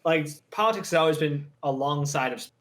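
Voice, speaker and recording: A man co-hosts a casual sports talk show. He talks frankly and sounds worn out, in a voice that sits slightly high. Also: fairly bright tone. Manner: weary, frank, fast opinions.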